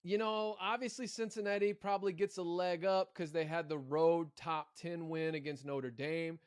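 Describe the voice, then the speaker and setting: A man with a high voice co-hosts a casual college sports podcast. He talks in bursts, often repeating a word before he gets going. The sound is dry and close. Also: normal speed, smooth, no room sound. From Arkansas. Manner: animated, repeats words when thinking. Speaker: podcast co-host.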